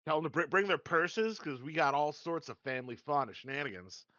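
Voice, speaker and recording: A man's voice: fairly high pitch, animated, a little fast, sharp tone, no room sound. A man playing a tabletop game who jokes casually and laughs often. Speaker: player. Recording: dull lo-fi mic.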